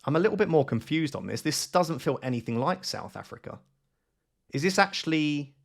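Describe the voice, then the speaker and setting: A man giving live gameplay commentary, thinking aloud in an excitable, self-questioning way. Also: on the high side, a little fast, creaky. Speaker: gaming YouTuber.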